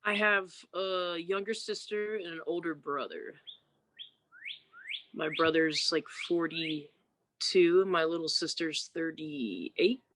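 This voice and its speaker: A woman's voice: on the low side, slow, a bit bright, a little hiss or hum. A woman guest musician chatting casually on a podcast, telling candid, loose stories and mimicking people.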